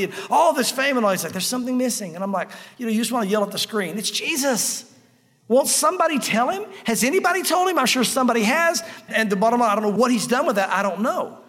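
A man's voice: extremely high pitch, long reverb tail. A man preaching a sermon in a conversational, emphatic style, repeating key phrases for effect. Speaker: pastor.

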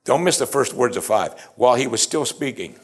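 A man preaching a sermon, animated, acting out the quoted lines and chuckling as he explains. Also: medium pitch, fairly quick, breathy edge.

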